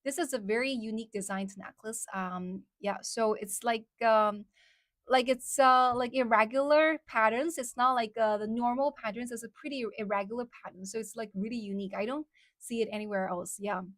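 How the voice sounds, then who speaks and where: A woman's voice: on the high side, moderate pace, fairly bright tone, no echo, studio quality. A woman whose first language is Chinese, hosting a casual livestream and chatting with viewers, with lots of "like" and "um" fillers. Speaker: livestream host.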